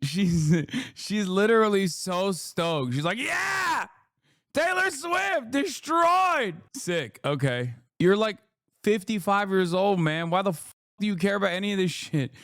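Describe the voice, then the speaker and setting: Sarcastic man with a smooth voice. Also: high voice, moderate pace, no room sound, studio quality. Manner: sarcastic, profane, mocking. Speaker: streamer and political commentator. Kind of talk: casual live-stream commentary.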